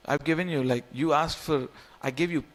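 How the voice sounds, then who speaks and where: His voice sits a little high and moves at an ordinary pace. The temple speaker, an Indian-born man in his forties, keeps his scripture class relaxed and playful, echoing his own phrases and nudging the audience to respond.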